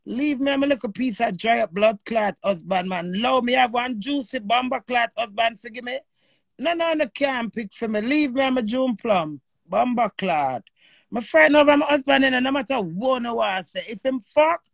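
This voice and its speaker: Brief: Jamaican woman, live-stream host, fiery and emotional, rough gravelly voice, dry close sound. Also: on the high side, moderate pace, no echo. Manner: animated, emotional, swears freely in patois. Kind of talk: live-stream chat with callers.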